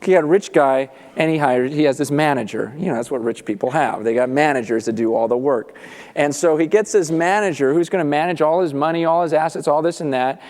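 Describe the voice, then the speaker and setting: A man preaching a sermon, telling a story with animated delivery and acting out the characters' lines. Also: on the high side, a little fast. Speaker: pastor. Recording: long reverb of a large hall.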